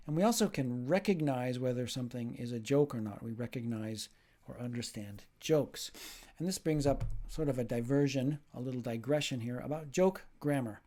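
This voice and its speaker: A man with a warm, medium-pitched voice speaks as a linguistics professor in a recorded video lecture. He explains ideas step by step and acts out short example dialogues.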